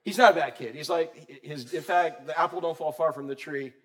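Guy preaching, kinda high voice, talks to the crowd, asks em stuff, gets loud then quiet. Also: a little fast. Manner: animated, conversational, swings loud and soft; asks the congregation questions. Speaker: pastor. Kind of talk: sermon.

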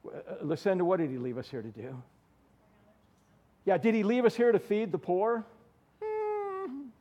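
A man with a fairly high voice delivers a sermon. He preaches with animated energy, swinging between loud emphasis and quiet asides, and calls on people by name to answer his questions. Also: measured pace, lo-fi sound. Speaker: pastor.

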